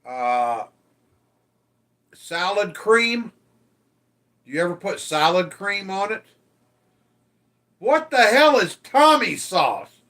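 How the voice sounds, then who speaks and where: A man's voice: high-pitched, very animated, takes it slowly, long pauses, a bit bright. A man hosting a casual livestream, reading viewer comments aloud and teasing them, swearing freely. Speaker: livestream host.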